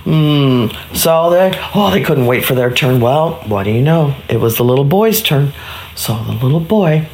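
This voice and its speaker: A woman telling a children's story in a casual, animated way, with many restarts and playful sound effects. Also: very deep voice, moderate pace, a little hiss or hum. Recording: roomy echo.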